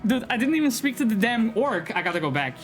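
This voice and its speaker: A man streaming a game live, reading its text aloud and reacting in a casual, excitable way. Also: very high-pitched, quick pace, faint music behind. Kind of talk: live gameplay commentary.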